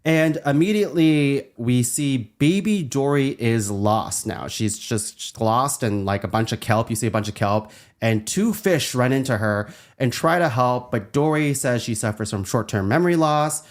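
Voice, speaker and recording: A man's voice: mid-range voice, normal speed, few pauses. A man co-hosting a podcast, chatting casually as he recaps a film, laughing often and acting out quoted lines. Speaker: podcast co-host.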